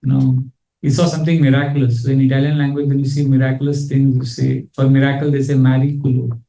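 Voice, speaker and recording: A man's voice: medium pitch, quick pace, creaky. A man giving a scripture class, telling stories earnestly. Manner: storytelling, earnest, animated when quoting. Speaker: Bhagavatam teacher. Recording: echoey room, mic at a distance.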